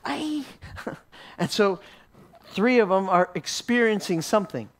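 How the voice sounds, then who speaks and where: Higher-voiced man telling a sermon story. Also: normal speed. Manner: stammering word repeats, chuckles often. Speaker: Christian teacher.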